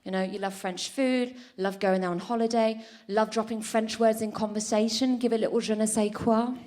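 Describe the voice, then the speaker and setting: A woman performing a live stand-up routine on a comedy club stage, telling stories in an animated, punchy way. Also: on the high side, moderate pace.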